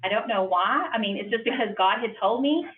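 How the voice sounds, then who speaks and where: A woman's voice: on the high side, expressive, fairly quick. A middle-aged woman speaks earnestly and emotionally, acting out the quoted lines of her story. She is heard from far off in a roomy hall, with a narrow, phone-like sound and faint hiss. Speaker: franchise owner speaking at a business conference. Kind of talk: personal testimony talk.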